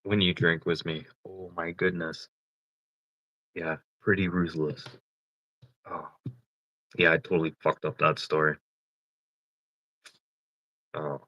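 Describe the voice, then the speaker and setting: A low-voiced man chatting casually on a livestream. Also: flat delivery, takes it slowly, pauses often, sharp tone, no room sound, highs cut off. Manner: swearing, laughing often, teasing. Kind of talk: casual live-stream chat.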